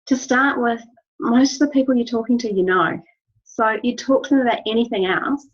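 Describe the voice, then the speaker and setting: A woman's voice: fairly high pitch, fairly even intonation, moderate pace, slightly rough. A woman giving an instructional talk to her team, earnest and encouraging, repeating key phrases. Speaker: wellness business trainer. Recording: dull lo-fi recording.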